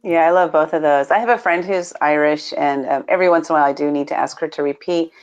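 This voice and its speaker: Low-voiced American woman, chatty. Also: fast, clean tone, highs cut off. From United States. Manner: chatty, laughs easily. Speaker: co-host of a live stream. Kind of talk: casual live-stream chat.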